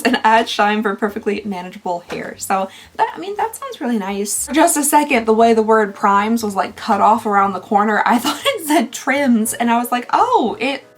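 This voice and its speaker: Chatty young woman, slightly high voice. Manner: chatty, thinks aloud with frequent giggles. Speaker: beauty vlogger. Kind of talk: casual unboxing chat.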